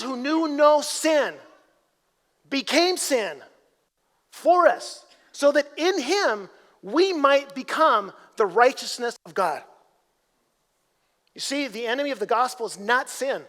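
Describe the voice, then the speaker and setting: A male pastor delivers a sermon in a church sanctuary. His voice sits very high, and the sound carries a long reverberant tail. He talks in a conversational way, doubling back on words and then rising to emphatic peaks. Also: a bit bright.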